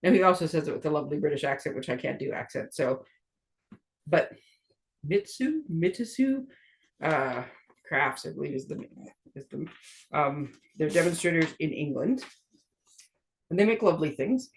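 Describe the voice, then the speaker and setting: A woman's voice: sits low, normal speed, long pauses. A middle-aged woman from Canada hosting a card-making tutorial, chatty and rambling, often laughing at herself. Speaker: stamping demonstrator and card-making host. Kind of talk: casual craft tutorial chat.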